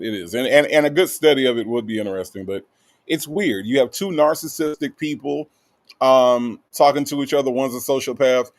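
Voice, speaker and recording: Guy hosting a livestream, gravelly voice, reads out chat and says hi to everyone. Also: medium pitch. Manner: reads viewer comments aloud and greets each one playfully. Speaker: livestream host. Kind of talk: casual live-stream chat.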